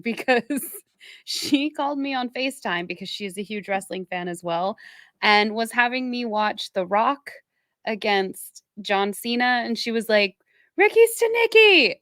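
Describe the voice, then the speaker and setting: A woman's voice: a little high, sharp tone, dry recording, studio quality. A woman co-hosting a podcast in casual chat, wry and playful, laughing easily. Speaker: podcast co-host.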